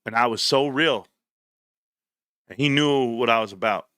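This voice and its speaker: This middle-aged livestream host talks at normal speed with a medium-pitched voice, keeping the chat casual. His storytelling is blunt, animated and slangy, and the studio-quality audio carries no echo.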